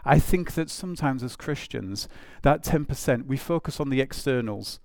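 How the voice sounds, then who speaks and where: A man's voice: medium pitch, lively intonation, moderate pace, vocal fry, few pauses, darkish tone, dry recording. Conversational male preacher, dry sound. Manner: informal, with frequent "it's like" asides and acted-out quotes. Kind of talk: conversational sermon.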